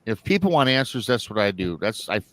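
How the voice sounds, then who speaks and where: A man's voice: lowish voice, very animated, fairly quick, no echo. A man hosting a live show, retelling a listener's story in a rambling, casual way and acting out the quoted lines. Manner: rambling, repeats himself, acts out quoted lines.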